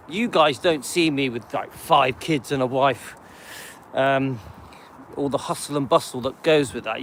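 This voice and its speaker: Middle-aged guy, slightly high voice, chatty and rambling, live stream on a dog walk, faint street noise. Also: a bit bright. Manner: rambling, chatty, loose asides with many ums. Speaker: channel host. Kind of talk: casual live-stream chat while walking. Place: outdoors on a residential street, walking a dog.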